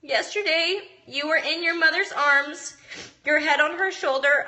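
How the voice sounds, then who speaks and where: A woman's voice: high-pitched, a little slow, pushed and bright. A young mother reading a passage from a book aloud, earnest and emotional, tearing up at times. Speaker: mom vlogger.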